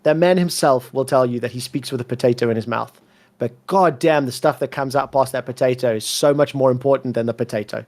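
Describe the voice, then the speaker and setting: A man from South Africa with a soft South African accent that leans British and American, telling his career story in an interview with blunt emphasis and plenty of swearing. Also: mid-range voice, fairly quick. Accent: soft South African, mixed with British and American. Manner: emphatic, swears freely, repeats words when fired up. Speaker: esports commentator, interview guest.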